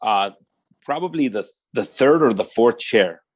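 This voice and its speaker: A man's voice: mid-range voice, measured pace. A man, a pastor, recounts his own life story for a podcast interview. He talks in loose, slangy everyday speech and jumps into the voices of the people he quotes, acting out their lines as he goes. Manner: animated storyteller who acts out quoted dialogue; casual street slang, often says "man".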